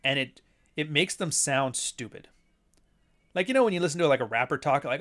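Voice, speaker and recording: A man's voice: a little high, expressive, a little fast, a bit bright. A man hosting a casual talk show, ranting in an offhand, profane way and chuckling between points. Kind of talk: casual chat.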